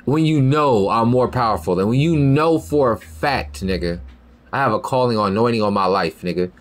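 A man's voice: mid-range voice, animated, moderate pace. A young man hosting a podcast in a rambling, profane casual monologue, often asking "you feel me". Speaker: podcast host.

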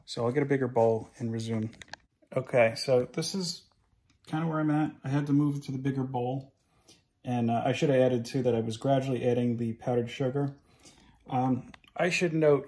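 Shooting on a handheld phone in his own kitchen, this man runs a laid-back cooking vlog and cracks self-deprecating jokes as he works. His medium-pitched voice is steady and darkish, and he talks fairly quickly with a chatty, jokey manner and plenty of asides.

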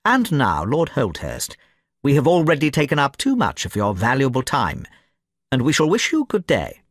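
A man voicing a shrewd male detective who speaks in a calm, measured, formal way. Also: medium pitch, no echo, clean studio sound.

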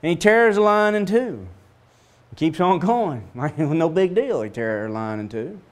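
A middle-aged man teaching a Bible lesson in a lively storytelling way, acting out the voices of the people in the story. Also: unhurried. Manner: storytelling, acts out voices with big pitch swings.

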